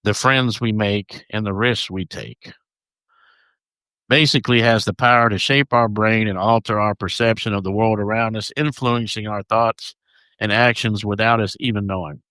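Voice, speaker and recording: A man's voice: lowish voice, steady tone, normal speed, bright, forceful tone, clean tone, dry recording. A man co-hosting a podcast, chatting casually and reading notes aloud, stumbling over names. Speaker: podcast co-host.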